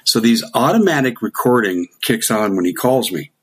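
Husky-voiced man telling an animated story. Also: mid-range voice, normal speed. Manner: animated anecdote with quoted dialogue and chuckles. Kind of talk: casual storytelling.

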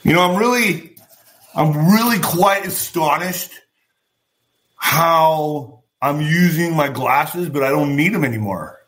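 A man hosts his own commentary vlog in a bright, forceful voice set a little high for a man. He talks in an animated, profane way, gesturing with his hands as he speaks. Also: slow pace. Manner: former boxer. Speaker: show host.

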